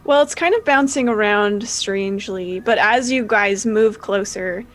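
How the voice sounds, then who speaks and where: A woman running a tabletop game as game master, narrating in a relaxed way with many fillers. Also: medium pitch, unhurried, low-quality recording.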